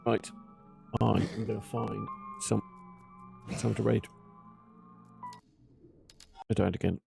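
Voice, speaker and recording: A man's voice: fairly low pitch, flat delivery, slow pace, gravelly, mellow, faint music behind. A man streaming a game live, muttering, swearing and exasperated as he plays. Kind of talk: live gameplay commentary.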